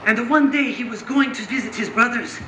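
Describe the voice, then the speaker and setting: A man telling a comic story live while juggling, animated and chatty with the audience. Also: very high voice, a little fast, noisy background. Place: live performance room. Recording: echoey room.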